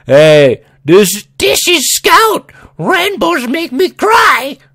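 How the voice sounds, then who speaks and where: A man squeaking as a silly young Scout. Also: wildly swooping pitch, bright, forceful tone, heavily acted. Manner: slow, high, mock-childish squeak. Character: cocky young male brawler, squeaky and silly.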